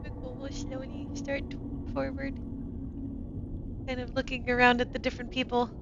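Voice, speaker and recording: A woman's voice: high-pitched, flat delivery, moderate pace, lo-fi sound, noisy background. A woman playing a tabletop game, giggling and stammering as she describes her character. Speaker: player. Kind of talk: tabletop role-play.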